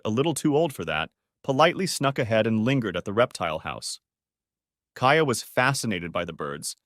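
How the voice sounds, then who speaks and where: A man narrating a story as an audiobook in a steady, measured reading voice. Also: lowish voice, no echo, clean studio sound. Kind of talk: scripted narration.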